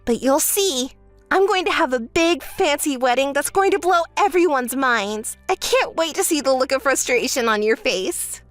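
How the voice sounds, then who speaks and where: A woman's voice: expressive, normal speed, no echo, faint music behind. A woman voicing a spoiled, self-centered young bride who bosses her sister around, in a texting-story voice-over. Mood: smug. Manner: whiny, bossy, shrill when angry.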